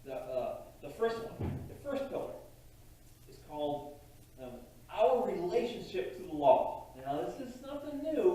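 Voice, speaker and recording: A man preaching a sermon as pastor, in a conversational, halting way with frequent restarts. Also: sits high, dark tone, slight background noise. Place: church sanctuary. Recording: distant mic in a very echoey church hall.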